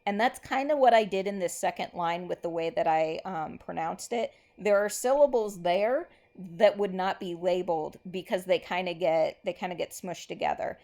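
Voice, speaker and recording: A woman teacher giving a relaxed recorded lesson, thinking aloud with lots of ums and stretching out lines of verse slowly. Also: fairly low pitch. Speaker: English teacher.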